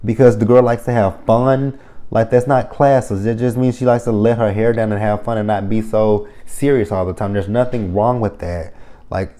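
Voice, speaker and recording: Blunt, profane man with a mellow low voice. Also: steady tone, a little fast. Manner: blunt, heavily profane, full of fillers. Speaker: reality TV reviewer. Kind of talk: casual opinionated commentary. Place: lives near the area the show covers.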